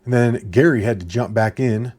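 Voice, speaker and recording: A man's voice: mid-range voice, normal speed, a little mellow. A man giving casual reaction commentary on viewer comments in an exasperated, sarcastic, ranting way.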